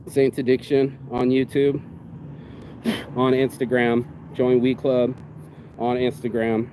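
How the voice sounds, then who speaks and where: A man's voice: medium pitch, completely flat delivery, slow, warm tone, slight background noise. A man rambling through a profane, preachy motivational talk while vlogging in an outdoor park. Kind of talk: casual motivational vlog.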